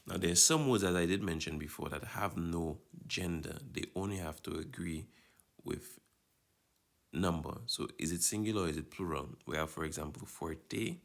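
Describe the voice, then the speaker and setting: A man's voice: low-pitched, normal speed, vocal fry. A man teaching a Spanish lesson, explaining patiently and checking in with his students as he goes. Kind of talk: recorded lesson walkthrough.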